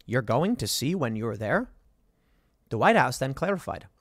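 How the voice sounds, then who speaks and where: Animated sarcastic male commentator. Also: mid-range voice, moderate pace, dry recording, studio quality. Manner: sarcastic, emphatic. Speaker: political commentator. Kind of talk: reading and reacting to headlines.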